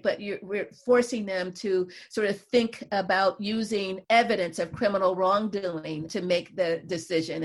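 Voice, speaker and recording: Una mujer invitada a una entrevista, autora y psicóloga, que explica sus ideas con calma y repite a menudo "you know" y "right". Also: female voice, medium pitch. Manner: thoughtful, explanatory, says "you know" and "right" often. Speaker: guest, psychologist and author. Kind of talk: conversational interview.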